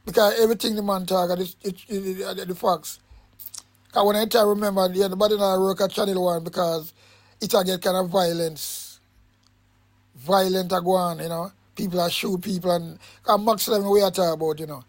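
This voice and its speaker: A man's voice: sits high, fairly even intonation, fairly quick. A man with a Jamaican accent introducing an interview, talking in a passionate, rambling patois. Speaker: host.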